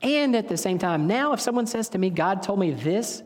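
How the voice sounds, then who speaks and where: Speaking at normal speed with hardly any pauses, a pastor whose voice sits high and sounds animated gives a casual, narrative sermon. Self-corrections come often, and a hall's long reverb surrounds him.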